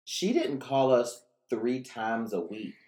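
A middle-aged man hosting a podcast, teasing his daughter and musing in a relaxed, rambling way. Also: mid-range voice, slow pace, slight background noise. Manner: teasing, reflective, a bit rambling. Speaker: podcast host, parent. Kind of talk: casual podcast chat. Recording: echoey room.

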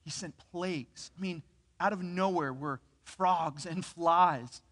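Man, pastor, sermon, earnest animated storytelling, long hall reverb. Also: on the high side, slow.

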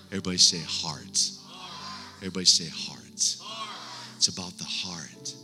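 A middle-aged man preaching a sermon with a personal testimony, speaking earnestly with halting restarts and dropping to hushed tones. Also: low voice. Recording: long hall reverb, faint music.

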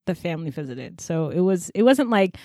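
Casting: wry co-host, mid-pitch voice, dry close mic. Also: big pitch swings, brisk, dark tone, no room sound. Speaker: podcast co-host. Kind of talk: casual book discussion.

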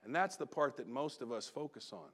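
A middle-aged man, a pastor, telling a personal story in a sermon, animated and then dropping to quiet asides. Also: medium pitch, a little fast.

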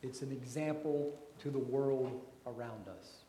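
A man preaching a sermon as pastor, slow and deliberate, his voice rising for emphasis and then dropping soft. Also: medium pitch, reverberant, slight background noise.

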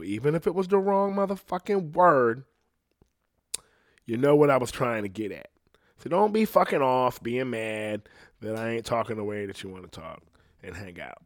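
A man's voice: medium pitch, no echo, clean studio sound. An American man talking in a rambling, profane, casual way, often laughing. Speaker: podcast host. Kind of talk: casual chat.

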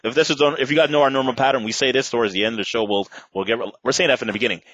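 A man co-hosting a podcast in casual chat, talking with emphatic, drawn-out hype. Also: medium pitch, fairly bright tone, no echo, lo-fi sound. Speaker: podcast co-host.

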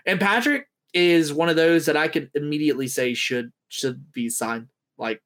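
A man guesting on a podcast, telling lively stories in casual chat and acting out what people said. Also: a little high, normal speed. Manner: animated storyteller, acting out quotes.

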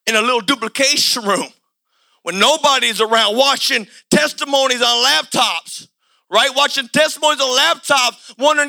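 A man preaching a sermon in a colloquial, repetitive, impassioned way, often rising to a shout. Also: very high voice, moderate pace, gravelly.

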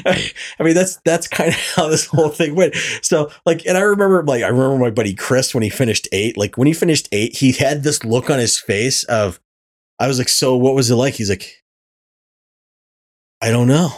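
A man hosting a podcast, chatting casually, swearing often and telling animated stories. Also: mid-range voice, a little fast. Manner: animated storytelling, swearing and laughing. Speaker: podcast host. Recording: poor audio from a faulty mic.

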